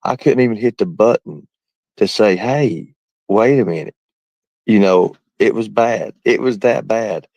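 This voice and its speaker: A man's voice: fairly low pitch, measured pace, gravelly, a little mellow, dry recording, lo-fi sound. A man livestreaming, talking to his viewers in a rambling, mocking, folksy way. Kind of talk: casual livestream rant.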